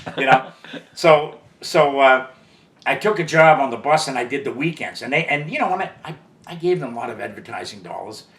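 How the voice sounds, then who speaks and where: Older man telling rambling stories, bright voice. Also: medium pitch, animated, a little fast, reverberant. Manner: rambling, profane, full of "you know" asides. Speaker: interview guest, record industry veteran. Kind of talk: casual storytelling.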